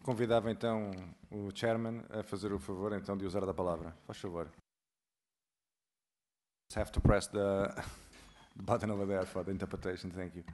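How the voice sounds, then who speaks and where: A man chairing a formal session speaks in a low voice. He is brief and polite as he hands over the floor. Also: fairly even intonation, a little fast, darkish tone.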